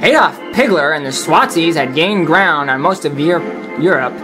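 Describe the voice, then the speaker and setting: A man reading his fan fiction aloud, halting and stumbling over words. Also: fairly high pitch, animated. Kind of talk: amateur story reading. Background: background film-score music.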